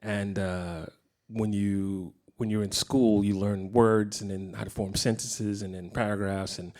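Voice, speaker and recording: A middle-aged man giving a casual guitar clinic in a guitar shop, talking in a relaxed, rambling way with many fillers. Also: lowish voice, measured pace. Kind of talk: casual teaching talk. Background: guitar playing.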